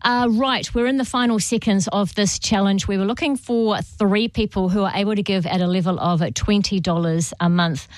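A woman's voice: medium pitch, fairly even intonation, normal speed, few pauses, no room sound. Kiwi lady hosting a radio pledge drive, upbeat, close dry mic. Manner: bright, encouraging, apologetic host patter. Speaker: radio host. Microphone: studio microphone.

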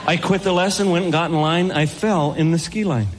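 A man performing a stand-up comedy routine, breaking into shouted high-pitched voices for his punchlines. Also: fairly quick. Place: comedy venue with live audience. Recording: live crowd noise and hiss. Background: audience laughter.

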